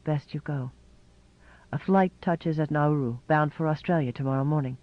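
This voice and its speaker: A man voicing a gentle young island woman who speaks low and softly. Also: normal speed, dry recording, muffled recording, close to an everyday voice. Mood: tender.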